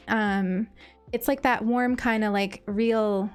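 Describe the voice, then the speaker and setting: A woman's voice: medium pitch, slow pace, clear, resonant tone. Female streamer, casual and effusive, stumbles over words, light music bed behind. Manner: gushing and grateful, many ums and restarts. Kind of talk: casual live-stream chat.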